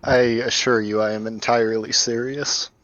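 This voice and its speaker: A man voicing a vampire seeking confession, speaking in flat, formal, earnest sentences. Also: on the low side, moderate pace, dry recording, lo-fi sound, natural voice.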